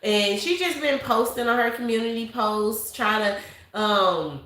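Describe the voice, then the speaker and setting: A woman's voice: on the high side, a little slow, a bit bright. A woman hosting a casual livestream of gossip commentary, chatty and reading out viewer messages. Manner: chatty, reads super chats aloud, calls viewers baby and girl. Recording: echoey room.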